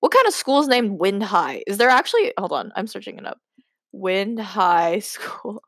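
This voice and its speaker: This young podcast host has a medium-pitched, fairly bright voice whose pitch swoops wildly, and she speaks briskly. She reads her old stories aloud and breaks off with giggling, self-deprecating asides, recorded in studio quality with no echo.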